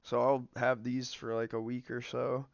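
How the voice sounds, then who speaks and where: Snacking as he plays, a young male streamer rambles through casual commentary packed with fillers. His medium-pitched voice is creaky and completely flat at normal speed, captured in a dry, dull-sounding recording.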